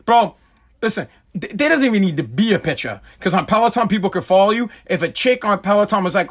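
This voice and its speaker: High-voiced man ranting profanely. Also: animated, fast, a bit bright. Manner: rambling, profane, repetitive. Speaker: podcast host. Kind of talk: casual solo rant. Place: home basement.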